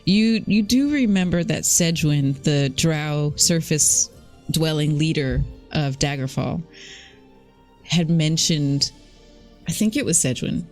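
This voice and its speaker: A woman's voice: low-pitched, slow pace, darkish tone, faint music behind. A woman narrating as game master of a tabletop game, chatty and often correcting herself mid-sentence.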